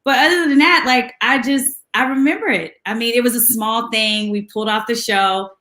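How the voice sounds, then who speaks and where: A woman guest telling lively anecdotes in a casual chat, laughing often and mimicking voices. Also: a little high, moderate pace, echoey room. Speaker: guest musician.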